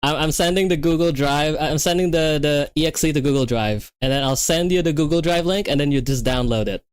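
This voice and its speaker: Young woman streamer, low voice, slow and kinda excitable, dry close mic. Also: clear, resonant tone, no room sound. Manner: excitable, exclaiming and repeating herself. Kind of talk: livestreamed coding session chat.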